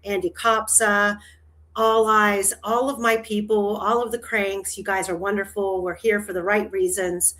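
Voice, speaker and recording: A woman hosts a relaxed livestream chat at an unhurried, drawn-out pace. She rambles, trails off and laughs easily between thoughts, in a voice of middle pitch. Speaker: livestream host.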